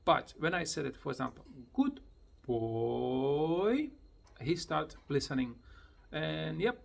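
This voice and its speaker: A man with a gravelly, slightly raised voice talks slowly and patiently about teaching his pet parrot to speak. His English is simple and slightly broken. He keeps breaking into high, sing-song repetitions of the bird's words, recorded at home beside the parrot. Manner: slow, plain explanations with simple non-native grammar. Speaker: parrot owner teaching his bird to talk. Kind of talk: casual tutorial vlog.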